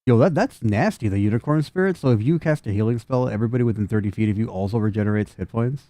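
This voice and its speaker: A man's voice: lowish voice, fast talker, mellow, no echo. A man running a tabletop game, talking casually and repeating words as he explains rules. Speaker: game master.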